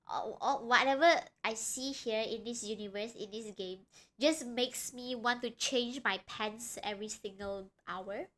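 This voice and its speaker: A young woman streaming live, chatting in an excitable, rambling way with frequent giggles. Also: on the high side. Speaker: streamer reacting to a video. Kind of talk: casual live-stream chat.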